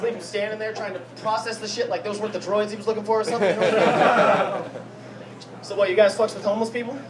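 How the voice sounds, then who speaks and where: A man's voice: high voice, steady tone, a little fast, heavy background noise. A man doing a stand-up comedy set on a club stage, profane and rambling, laughing at his own jokes. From Pacific Northwest. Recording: distant live club recording with crowd. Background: crowd laughing.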